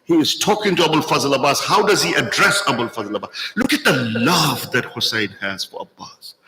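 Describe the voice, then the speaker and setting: Bright-voiced man preaching a mourning sermon. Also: medium pitch, lively intonation, slight background noise, rough recording. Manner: emotive storytelling, voicing quoted speech, drawn-out phrases. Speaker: speaker at a Muharram majlis. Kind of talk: sermon recounting a mourning narrative.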